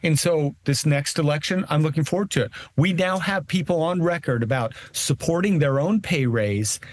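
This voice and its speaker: Emphatic man rallying as political guest. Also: fairly high pitch. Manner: emphatic, rallying, quick restarts. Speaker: guest, conservative legislator. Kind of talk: political interview.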